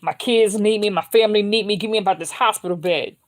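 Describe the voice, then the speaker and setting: A woman's voice: medium pitch, fast, lightly acted. A woman voicing an agitated, cursing man who is stuck in a hospital bed and pleading to go home.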